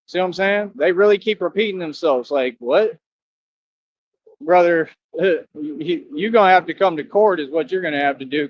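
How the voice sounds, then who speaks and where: A boastful man rants on a live stream, arguing back at his chat in a slightly high voice. The sound is dry and close, with dull, lo-fi stream audio. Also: dry recording. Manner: boastful and confrontational, talks back to commenters.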